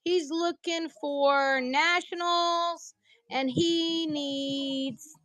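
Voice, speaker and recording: Chatty high-voiced woman with a country twang. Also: steady tone, very slow, a bit bright, no room sound. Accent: American country. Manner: chatty, jokey, talks to viewers by name. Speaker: livestream seller. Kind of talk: casual live sales chat.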